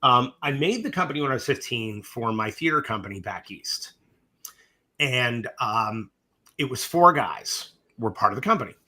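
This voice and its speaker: Animated, husky-voiced middle-aged man telling stories. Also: mid-range voice, moderate pace. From US East Coast. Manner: animated, profane, acts out both sides of dialogue. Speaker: film director, interview guest. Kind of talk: casual interview storytelling.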